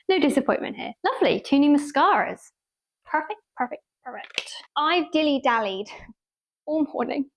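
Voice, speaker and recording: A young woman, chatting casually and gushingly in a vlog, full of "like" and little laughs. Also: a little high. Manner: bubbly, gushing, lots of "like". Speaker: vlogger.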